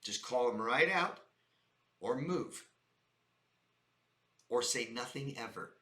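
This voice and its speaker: Slow-paced but lively in intonation, a man with a mid-range, bright and forceful voice speaks in an echoey room. He is giving life-coaching advice straight to camera, addressing viewers as "guys" and pressing his points through repetition.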